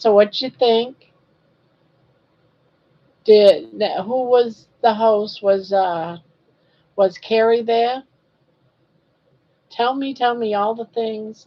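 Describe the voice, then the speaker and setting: Slow-talking grandmotherly woman in her sixties. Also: on the high side, fairly even intonation, dull audio. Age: 60s. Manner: chatty, reads viewer comments aloud and teases. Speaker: live-stream crochet host. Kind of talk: casual live-stream chat.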